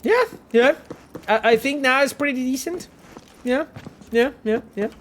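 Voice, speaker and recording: A man's voice: very high-pitched, a little slow, a bit bright, slight background noise. A man streaming a game he helped make, chatting casually with viewers and thinking aloud with lots of fillers and swearing. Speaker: game developer streaming gameplay. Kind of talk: casual livestream commentary.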